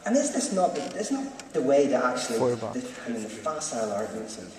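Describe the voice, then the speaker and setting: Man, lively joking lecturer on theology, bouncy pitch, distant mic in a reverberant hall. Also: quick pace. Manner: animated, joking, restarts often. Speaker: speaker. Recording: echoey hall from far off.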